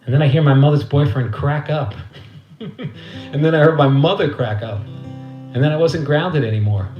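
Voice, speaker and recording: A middle-aged man from Queens, New York, with a voice on the high side, talks at a normal speed on dull-sounding audio. As a musician and host, he tells a casual, profane story between songs on a livestream from his living room, laughing and doing voices for the people involved. The room is echoey and has a guitar.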